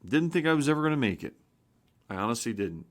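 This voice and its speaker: A man's voice: medium pitch, animated, quick pace. A man in his fifties, a pastor giving an informal spoken sermon, earnest and rambling, with frequent restarts and rising emphasis. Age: 50s.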